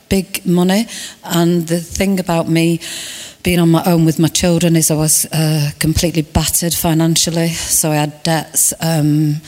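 A woman's voice: deep voice, a little mellow, in a large hall. A woman with a Mancunian accent giving a nervous, hesitant personal testimony in church. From Manchester, England. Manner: nervous, hesitant, with fillers and restarts. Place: church hall.

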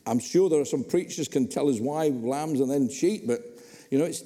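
A man preaching a sermon in a church, conversational and animated with humorous asides. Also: mid-range voice, moderate pace. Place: church hall. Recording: long reverb in a hall.

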